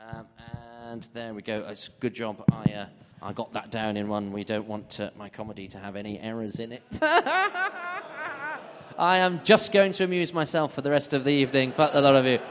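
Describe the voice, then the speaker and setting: A man's voice: mid-range voice, a little fast, noisy background. A man doing stand-up banter on stage, rambling, self-mocking and sweary. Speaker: comedian hosting a gig. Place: comedy club stage. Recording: live room with long reverb.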